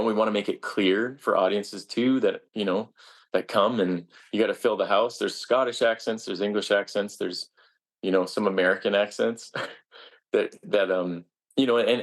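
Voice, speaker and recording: A man with a gravelly, fry-edged voice sitting a little low in pitch. He is a stage actor answering interview questions casually. He talks earnestly but haltingly, often restarting his sentences.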